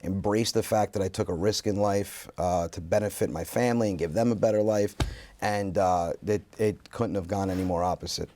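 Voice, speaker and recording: A man's voice: low-pitched, a little fast. A man, a comedian guest, telling funny stories in a casual interview and jumping into the voices of the people he quotes. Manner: animated, acts out quoted voices.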